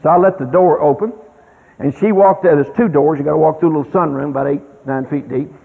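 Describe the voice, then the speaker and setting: An older man telling folksy stories with emphatic, sudden loud exclamations, heard on a tinny radio recording with long reverb. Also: fairly high pitch, fast, creaky. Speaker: speaker on child rearing. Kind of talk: storytelling talk.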